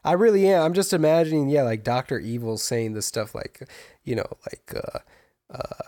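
Young man, casual podcast co-host, loose rambling delivery with restarts, middle pitch. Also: a little fast. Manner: rambling, animated, many restarts. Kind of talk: casual film chat.

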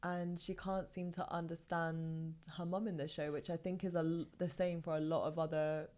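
A woman's voice: on the low side, level tone, normal speed, a little mellow. A young woman from England chatting casually and giving her opinions as a podcast co-host. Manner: chatty, opinionated, lots of fillers.

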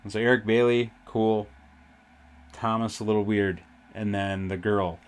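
A young man hosting a podcast, rambling through a festival story with constant swearing and animated retelling. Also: on the low side, measured pace, smooth. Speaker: podcast host. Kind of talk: casual storytelling.

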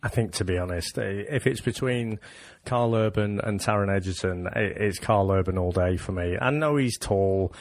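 A man co-hosting a TV review podcast, giving measured, thoughtful opinions. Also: fairly low pitch, dry recording. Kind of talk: casual review chat.

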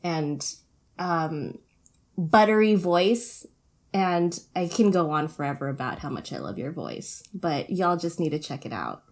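A woman co-hosts a relaxed conversation with a close friend, laughing easily and cheering him on. Her voice swings widely in pitch as she talks, and she speaks at an unhurried pace. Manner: warm, laughs often, hypes her friend. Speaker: podcast co-host. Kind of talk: casual chat.

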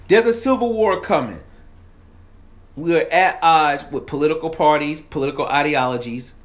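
A man's voice: on the high side, a little slow, long pauses. A man from the South, delivering a heated, profane political rant straight to his audience. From American South. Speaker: political commentator. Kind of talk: ranting monologue.

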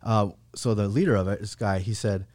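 Laid-back low-voiced guy, dry sound. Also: steady tone, fairly quick, darkish tone, no room sound. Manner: laid-back slangy talk, many "bro" and "like". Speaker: podcast guest. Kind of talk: casual storytelling.

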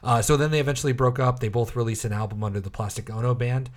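A man's voice: medium pitch, fairly even intonation, fast. A man co-hosting a podcast, telling a story in casual chat with wry, offhand asides and plenty of fillers. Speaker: podcast co-host.

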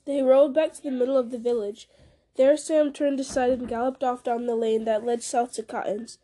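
Brief: high-voiced woman narrator, brisk storybook reading. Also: steady tone, warm tone. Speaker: audiobook narrator.

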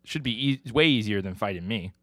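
A man's voice: on the low side, animated, a little fast, fairly bright tone, no echo, studio quality. A man on a podcast voicing a laid-back older male boss in a wheelchair, talking in a casual, offhand way. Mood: nonchalant.

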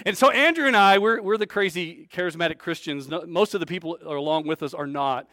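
A man preaching, telling a story with big swings between loud and soft and acting out the voices of the people in it. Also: high-pitched, fast, few pauses, no room sound, clean studio sound. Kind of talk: storytelling sermon.

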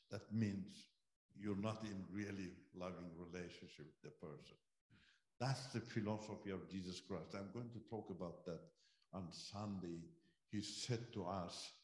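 A man giving a sermon testimony as a guest missionary speaker, telling a story with animated delivery and acting out what people said. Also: low-pitched, echoey room. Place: church.

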